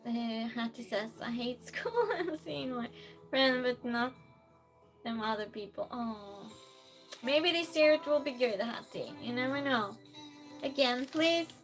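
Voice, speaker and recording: A woman hosting a live stream, chatting casually, reading viewer comments aloud and calling out loud greetings to regulars. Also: fairly high pitch, expressive, measured pace, soft background music. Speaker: livestream host.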